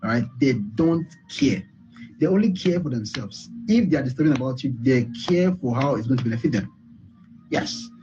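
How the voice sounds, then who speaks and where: A man's voice: mid-range voice, lively intonation, fairly quick, highs cut off, music in the background. A man giving a repetitive, emphatic motivational talk on a call, often saying "all right". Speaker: speaker on a group call.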